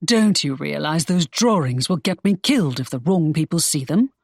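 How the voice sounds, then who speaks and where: A woman's voice: deep voice, animated, normal speed, husky, no room sound, clean studio sound, heavily acted. A woman reading an audiobook, voicing a brusque, scolding young man. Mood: stern. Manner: curt and scolding. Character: stern, brusque young man, a secretive pirate. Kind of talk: audiobook character voice.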